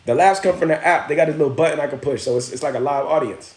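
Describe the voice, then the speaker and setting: A man's voice: fairly high pitch, fast, very noisy. A man hosting a live stream, telling a story in loose slang and breaking off to greet and thank viewers. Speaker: livestream host. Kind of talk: casual storytelling with viewer shout-outs. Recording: roomy echo.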